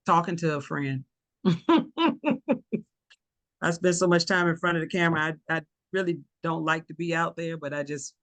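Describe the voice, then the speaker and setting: A speaker with a Southern US accent, talking casually on a video call, relaxed and chatty with frequent laughs. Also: mid-range voice, moderate pace, pauses often, dry recording. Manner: relaxed, chatty, laughs often, restarts sentences. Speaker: teacher selling an online course.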